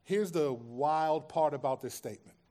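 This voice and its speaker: Impassioned high-voiced male preacher. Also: moderate pace. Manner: impassioned preaching, swings from hushed to loud; repeats phrases for emphasis. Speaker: pastor. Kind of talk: sermon.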